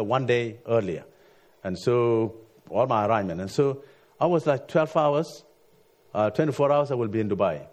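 Halting preacher man, frequent restarts. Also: medium pitch, darkish tone. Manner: halting, repeats words, frequent "you see". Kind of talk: sermon with personal story.

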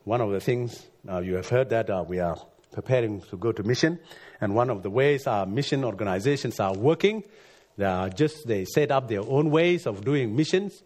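Guy preaching, kinda husky, earnest, voice jumps up then drops way down. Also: expressive, moderate pace, a little mellow. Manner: earnest, rising to emphatic peaks then dropping low. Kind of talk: sermon.

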